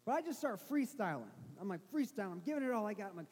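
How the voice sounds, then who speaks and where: A middle-aged man preaches with a strikingly high voice, tumbling through a self-mocking story full of restarts. His words ring out with a long reverb from a large hall. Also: sing-song, rapid-fire, a little mellow, husky. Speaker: pastor. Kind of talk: sermon storytelling.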